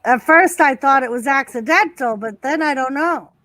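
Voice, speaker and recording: A woman's voice: high-pitched, normal speed, bright, forceful tone, no room sound. A woman co-hosting a live stream, chatting casually and reacting to wrestling. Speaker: stream co-host.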